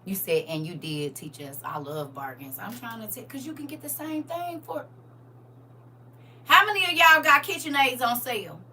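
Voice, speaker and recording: A woman hosting a casual live stream, teasing viewers by name and swinging between loud exclamations and hushed asides. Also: high-pitched, very animated, moderate pace, distant mic, a little hiss or hum. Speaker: livestream host.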